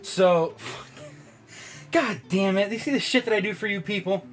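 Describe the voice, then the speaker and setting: A man's voice: high-pitched, normal speed, soft background music. A man talking casually to his camera as a vlogger, loose and profane, poking fun at himself. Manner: casual, profane, self-mocking. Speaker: YouTuber.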